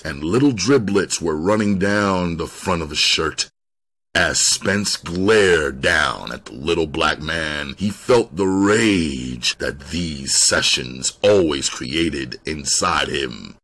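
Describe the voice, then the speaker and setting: A man narrates a crime novel in a very deep, husky voice. He reads at an unhurried, deliberate pace, letting each line settle. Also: fairly bright tone. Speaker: audiobook reader. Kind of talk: scripted narration.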